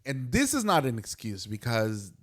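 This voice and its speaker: A man's voice: mid-range voice, moderate pace. A young adult man on a podcast, casually telling a story about a day at work and acting out each quoted exchange. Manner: animated retelling, acts out quoted dialogue. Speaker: podcast co-host.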